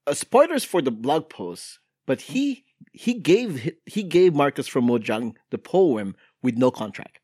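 A man's voice: medium pitch, big pitch swings, measured pace, dark tone, breathy edge, no room sound, clean studio sound. A man co-hosting a casual podcast chat, laughing often and restarting his sentences. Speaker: podcast co-host.

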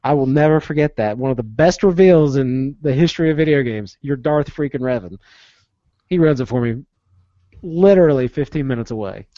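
A podcast co-host with a US East Coast accent chats casually, acting out quotes as an animated storyteller. His mid-range voice is brisk, and the recording sounds dull, dry, and lo-fi.

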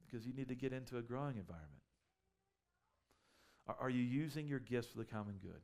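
A man's voice: medium pitch, animated, quick pace, a little mellow. A man preaching a sermon as a pastor, conversational and full of rhetorical questions, building up to emphatic peaks.

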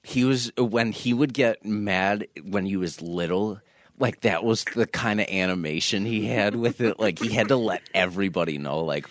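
A young man with a low voice trades jokes and family stories in casual podcast banter. His voice is recorded dry and close to the mic. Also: normal speed, no echo. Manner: joking, teasing older brother. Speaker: podcast co-host. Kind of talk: casual chat.

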